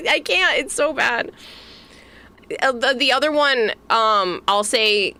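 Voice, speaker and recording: Giggly bright-voiced woman with a Boston accent. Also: on the high side, measured pace. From Massachusetts, USA. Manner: giggly, chatty, reads and answers chat. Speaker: VTuber streamer. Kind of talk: casual livestream chat.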